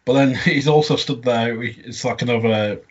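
A man's voice: medium pitch, normal speed, slightly rough, highs cut off. A man, chatting casually as a podcast co-host and laughing often as he recaps an episode. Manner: chatty, laughing often, quoting lines in funny voices.

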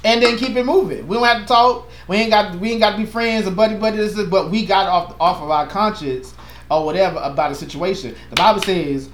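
Male pastor, fairly high voice, earnest and passionate, echoey room. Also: fast, a little hiss or hum. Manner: earnest, passionate, animated with playful asides. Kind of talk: casual chat.

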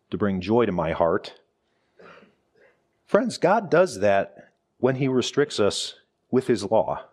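A man's voice: fairly low pitch, a little mellow. A middle-aged man, a pastor, preaching a conversational sermon full of rhetorical questions and asides.

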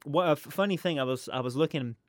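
Man, podcast co-host, casual chat, halting with many fillers, dry close mic. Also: on the high side, no room sound. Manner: hesitant, lots of fillers and restarts, builds up to the point.

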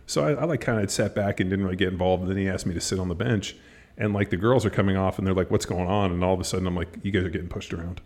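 A man telling stories in a casual chat, animated and swearing freely, acting out what people said. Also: low-pitched, rapid-fire. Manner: animated storytelling, swears a lot, acts out quotes.

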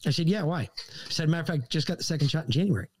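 A man's voice: on the high side, lively intonation, racing. A man, a podcast guest, telling a casual and profane story with jokes. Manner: profane, joking anecdotes.

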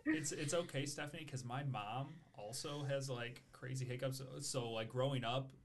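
A man's voice: mid-range voice, moderate pace, crowd noise. A man in casual chat, telling funny stories and often laughing as he talks. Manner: animated, laughs often through his stories.

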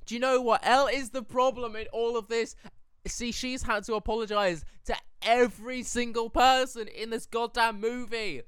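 A man giving excitable, casual reaction commentary to a movie, talking back to the screen and humming along. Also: high voice, moderate pace, clear, resonant tone, no echo.

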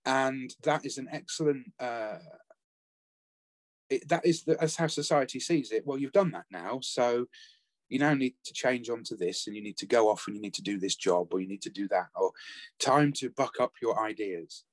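A man, talking earnestly and haltingly about caring for his late spouse in a conversational interview. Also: mid-range voice, no echo. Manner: earnest, reflective, halting with restarts. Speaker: bereaved former family carer, guest.

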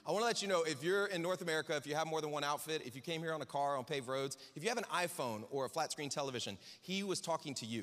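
Fast-talking and bright, with a high voice, a pastor gives a casual, conversational sermon peppered with jokey asides. Each line echoes with the long reverb of a large hall.

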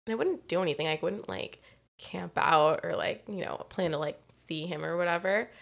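A woman's voice: on the low side, normal speed, vocal fry. A woman in her twenties from California, a podcast co-host telling a personal story in casual chat, candid and profane, often laughing mid-sentence.

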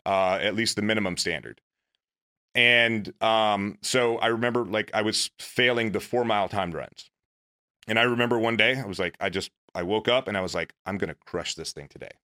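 A man's voice: on the low side, moderate pace, sharp tone. A man, a former Navy SEAL, telling his own story in casual, earnest, self-deprecating talk.

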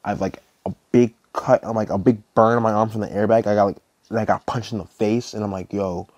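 Low-voiced young man rambling through a story. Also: fairly even intonation, brisk, a little mellow, dry recording. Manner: rambling, heavy use of "like", profane. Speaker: podcast host. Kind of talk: personal storytelling.

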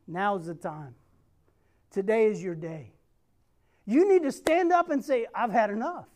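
A man's voice: very high voice, very animated, unhurried, darkish tone. A man preaching a sermon, repeating a refrain and asking the congregation for amens. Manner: tells a Bible story with acted-out quotes.

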